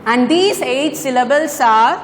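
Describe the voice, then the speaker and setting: High-voiced woman lecturing in an echoey room. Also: animated, a little slow, slight background noise. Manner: patient, repeats points, corrects herself. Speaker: English teacher. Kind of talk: classroom lecture on poetry. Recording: echoey room with long reverb.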